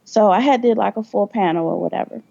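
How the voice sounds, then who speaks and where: A woman's voice: mid-range voice, fast, gravelly, dark tone, muffled recording. A young adult woman, a podcast guest, telling her story candidly with blunt profanity and acted-out quoted dialogue.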